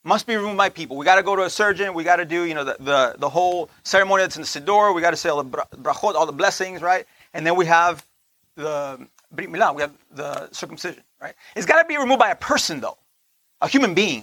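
A high-pitched man delivers a sermon in a casual, conversational way, constantly asking his listeners "right?" His voice is bright and forceful. He slows down to stress a point and sometimes drops almost to a whisper, and the sound is dry and close. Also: no room sound. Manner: slows down to stress points, laughs between lines. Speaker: teacher of a Torah portion.

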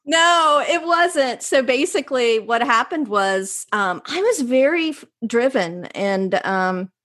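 A woman's voice: on the high side, slow. A middle-aged woman from North Carolina with a Southern accent, telling stories as a guest in an interview and slipping into voices when she quotes people. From North Carolina, USA. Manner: animated, jumps into voices when quoting people. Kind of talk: casual storytelling interview.

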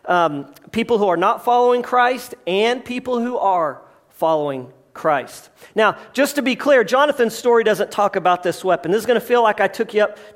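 A pastor preaching a sermon, telling a story with lively asides, jokes and acted-out quotes. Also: male voice, high-pitched. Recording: live address to a congregation.

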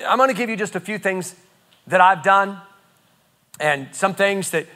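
Guy preaching, lively and emphatic, repeats himself a lot, bright clear voice. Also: high-pitched, normal speed. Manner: animated, emphatic, repeats phrases. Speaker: pastor. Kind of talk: sermon teaching.

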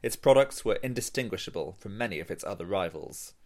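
A man hosting a podcast, reading scripted narration in a measured storytelling way. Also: deep voice, lively intonation. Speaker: podcast host.

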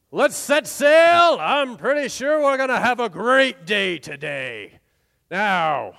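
A man playing a ship's captain who leads a live audience, coaxing the crowd and bursting into theatrical shouts. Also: sits high, creaky, big-room sound. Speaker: costumed ship-captain performer leading a live audience show. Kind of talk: live audience interactive storytelling.

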